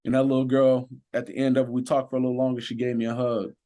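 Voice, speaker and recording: A man's voice: mid-range voice, level tone, fast, mellow. A man who works as a sheriff's deputy, a guest on a podcast, telling a personal story with earnest, preacher-like emphasis.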